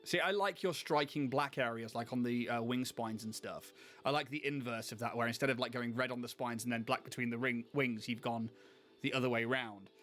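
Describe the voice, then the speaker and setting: A man's voice: mid-range voice, a little fast, fairly bright tone, soft background music. Rambling man chatting while painting. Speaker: co-host. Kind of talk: casual chat while painting miniatures.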